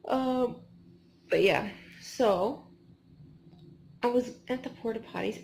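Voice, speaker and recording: A woman's voice: on the high side, takes it slowly, gravelly, pauses often, darkish tone, slight background noise. A woman in her twenties chatting casually in a vlog after a race, tired and rambling with lots of "like" and restarts. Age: 20s. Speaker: vlogger.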